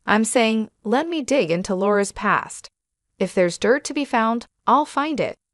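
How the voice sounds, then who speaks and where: A woman's voice: a little high, lively intonation, no echo, clean studio sound. A woman reading as a rugged, no-nonsense investigator. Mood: confident. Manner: measured, quietly menacing. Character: rugged, no-nonsense male private investigator, confident.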